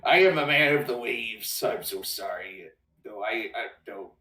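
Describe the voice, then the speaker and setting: A man's voice: lowish voice, lively intonation, measured pace, pushed and bright, echoey room, recorded from a distance, low-quality recording. A man playing a character in a tabletop game, drawling and stumbling over his words. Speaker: player.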